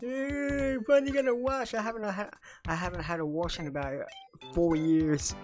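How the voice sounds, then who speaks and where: A woman's voice: mid-range voice, steady tone, normal speed, darkish tone, faint music behind, lightly acted. A woman voicing a cheeky male rubber duck in a game, squealing with glee. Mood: gleeful.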